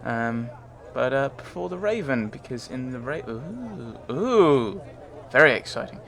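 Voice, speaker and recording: A man talks his way through a game in a loose, rambling style, often poking fun at himself. His voice sits at an ordinary middle pitch. He sounds chatty and unscripted. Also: big pitch swings, unhurried, vocal fry, a bit bright. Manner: rambling, self-mocking, chatty. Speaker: let's play host. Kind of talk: casual gameplay commentary.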